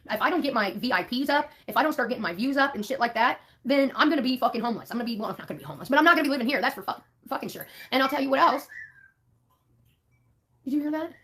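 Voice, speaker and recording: A woman's voice: fairly high pitch, a bit bright. A woman live streaming, chatting casually in a blunt, profane, rambling way.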